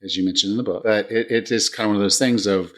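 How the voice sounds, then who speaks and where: A man's voice: fairly low pitch, steady tone, quick pace. A man in his forties hosting a fitness podcast, chatting in a casual, upbeat way with frequent restarts. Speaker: podcast host, fitness coach. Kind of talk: casual interview chat.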